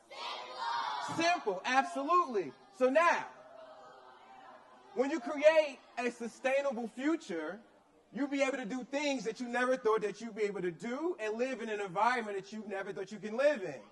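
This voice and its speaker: A man giving an energetic motivational speech at a youth conference, rousing the crowd into call-and-response. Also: extremely high pitch, normal speed, rough recording. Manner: energetic, rousing, asks audience to repeat. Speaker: motivational speaker. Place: conference stage.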